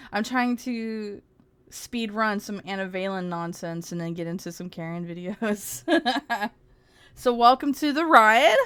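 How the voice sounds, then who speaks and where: A woman's voice: fairly high pitch, lively intonation, unhurried, a bit bright, clean tone, no room sound. A woman streamer in casual, sarcastic livestream commentary, rambling and giggling often.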